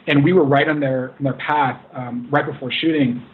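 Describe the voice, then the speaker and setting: A man's voice: mid-range voice, steady tone, moderate pace. A man, a film director, talking in an earnest, rambling way with many restarts as an interview guest. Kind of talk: casual interview. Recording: tinny phone-like line.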